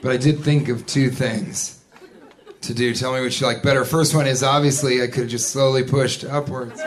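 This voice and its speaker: A man doing a stand-up comedy set, telling a story in a deadpan way and now and then breaking into a shrill put-on voice. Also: normal speed, crowd noise. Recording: live club recording with audience and noise. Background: audience laughter.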